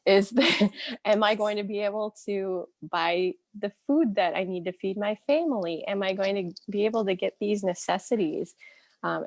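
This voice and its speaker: Woman, 30s, lay church speaker on a video call; candid, chatty testimony, quick to laugh, mid pitch, dry close sound. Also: gravelly, no room sound. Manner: candid, conversational, laughs often between phrases. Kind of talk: personal testimony sermon.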